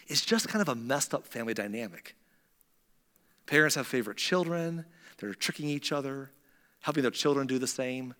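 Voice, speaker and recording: A man's voice: medium pitch, brisk, a bit bright, big-room sound. A man preaching, casually retelling a Bible story with chatty asides. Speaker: pastor.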